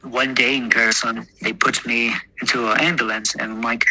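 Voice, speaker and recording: Sharp-toned American man rambling with fillers. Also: medium pitch, little pitch movement, moderate pace, husky, poor audio. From Texas, United States. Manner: rambling and profane, laughs at his own jokes, many fillers. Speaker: guest. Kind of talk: casual storytelling.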